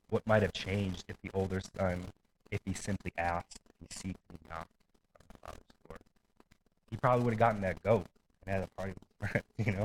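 A man's voice: on the low side, a little hiss or hum, low-quality recording. A man preaching a sermon in a casual, conversational way, with asides and light laughter. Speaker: pastor.

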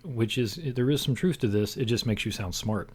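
Guy hosting a movie podcast, kinda rambly, lots of uhs and restarts, average pitch. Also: normal speed, a little mellow, slightly rough. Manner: rambling, full of fillers and restarts. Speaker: podcast co-host leading discussion. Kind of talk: casual film discussion.

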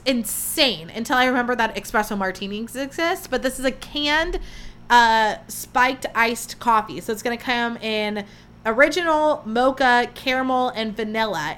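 A young woman hosting a podcast, chatting casually in an animated way with lots of fillers and restarts. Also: on the high side, slight background noise. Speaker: podcast host. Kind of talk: casual chat.

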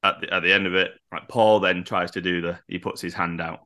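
A man's voice: deep voice, steady tone, brisk, bright, forceful tone. A man co-hosting a casual podcast chat, animatedly retelling a wrestling show and acting out the quotes. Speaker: podcast co-host.

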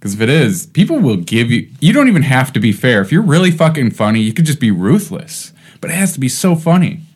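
A man's voice: mid-range voice, a little fast, slightly rough. A man talking comedy in a casual chat, laughing through his points. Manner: lively, laughs while talking.

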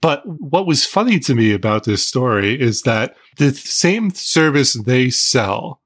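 Male podcast guest, husky voice, chatty storyteller who laughs often. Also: medium pitch, lively intonation, a little slow. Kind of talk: casual podcast chat.

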